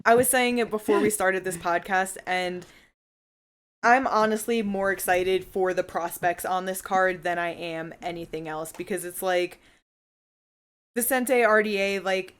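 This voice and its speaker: A woman's voice: medium pitch, measured pace, smooth. A woman co-hosting a podcast in casual chat, sounding worried, sighing and filling with "like" and swearing. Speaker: podcast co-host.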